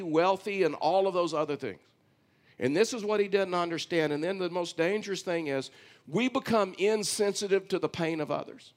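A man's voice: high-pitched, moderate pace. A man from Texas with a Texan accent, preaching a conversational, storytelling sermon as pastor.

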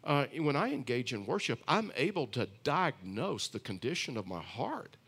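A middle-aged male pastor preaching a sermon. He tells stories in an easygoing, conversational way, full of restarts and side remarks. His pitch sits in the middle of the male range. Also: big pitch swings, moderate pace, a bit bright, breathy edge. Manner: conversational storytelling with frequent restarts and asides. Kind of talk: sermon with personal story.

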